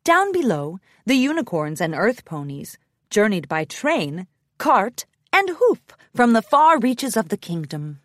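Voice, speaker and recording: A woman's voice: on the high side, no echo. Woman storybook narrator; lilting, sing-song delivery, dry close recording. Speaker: audiobook narrator. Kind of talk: storybook read-aloud.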